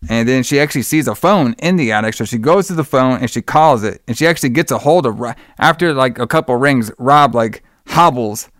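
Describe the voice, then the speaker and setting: A man in easy, rambling conversation, walking through a film's plot scene by scene. His voice is smooth and resonant, recorded close with no room sound. He leans on fillers and bursts higher and louder whenever he quotes a character. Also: a little fast, few pauses, dry recording. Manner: rambling, lots of fillers, acts out quotes in a raised voice. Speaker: podcast host recapping a movie. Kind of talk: casual chat.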